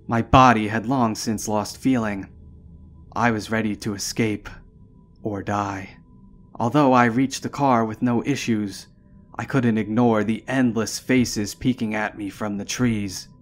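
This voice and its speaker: A man narrating a first-person horror story in a slow, measured, somber way. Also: on the low side. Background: faint background music.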